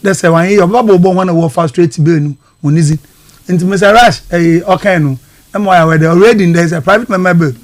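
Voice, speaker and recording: A man's voice: high-pitched, brisk. A man with a Ghanaian accent making a political argument on live radio, switching between English and Fante and pressing his points one by one.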